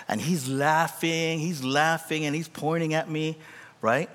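A man's voice: fairly high pitch, a little slow. A young adult man from Korea preaching a sermon, telling a story and calling out to the congregation. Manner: animated, calls out to the congregation. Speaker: pastor. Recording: long hall reverb.

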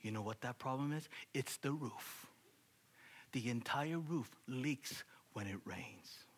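A man's voice: mid-range voice, takes it slowly, breathy edge. A man in his thirties preaching, telling a story and acting out the dialogue, often dropping to a whisper for emphasis. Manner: animated, acts out dialogue, drops to whispers for emphasis. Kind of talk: sermon illustration storytelling.

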